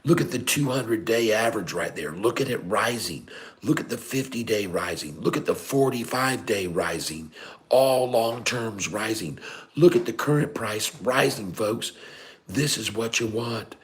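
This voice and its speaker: Deep, slow-talking scolding man. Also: lively intonation. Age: middle-aged. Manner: exasperated, scolding, emphatic repeated no's; drops to a whisper at times. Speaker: day-trading channel host. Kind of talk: live stock chart commentary. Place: sister's house, indoors.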